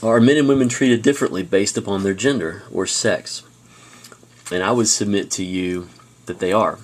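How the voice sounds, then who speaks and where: Low-voiced man giving a casual lecture. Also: moderate pace, slight background noise. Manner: casual storytelling with fillers and restarts. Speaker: high school teacher. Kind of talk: classroom video lecture.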